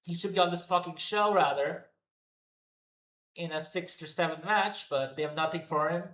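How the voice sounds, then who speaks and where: A man's voice: high-pitched, a bit bright, roomy sound. A man giving an unscripted, profane and exasperated solo rant reviewing a wrestling show.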